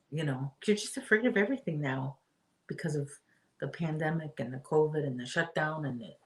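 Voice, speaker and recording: Middle-aged woman, low voice, chatty live-stream host, rambling, reads viewer comments. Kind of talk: casual live-stream chat.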